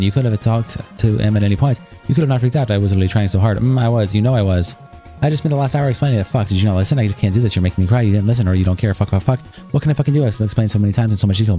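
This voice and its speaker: A man streaming, reading a heated argument aloud from a document in a quick, run-on way, swearing often. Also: lowish voice, mellow.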